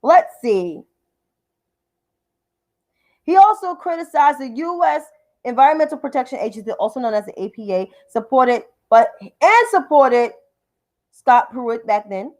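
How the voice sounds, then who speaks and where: Fiery profane woman with a high voice. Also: animated, a little slow, long pauses, a little mellow. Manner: profane, combative, repeats names for emphasis. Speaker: political commentary host. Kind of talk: livestream political commentary.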